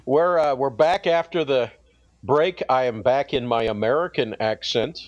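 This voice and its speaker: A man's voice: mid-range voice, measured pace, dry recording, dull audio. A man co-hosting a podcast in playful, ironic banter who laughs easily. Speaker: podcast co-host.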